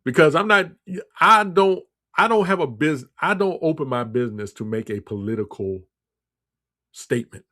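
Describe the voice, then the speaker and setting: A man's voice: a little high, expressive, moderate pace, sharp tone. A man hosting a radio talk show, delivering a blunt, scolding political monologue with lots of repetition. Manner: blunt, scolding, repeats himself.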